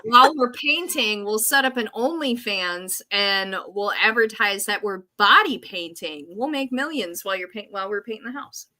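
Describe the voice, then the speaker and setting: A woman co-hosting a casual podcast chat, telling stories in an animated way and acting out her own panic. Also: medium pitch, normal speed, few pauses. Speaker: podcast co-host.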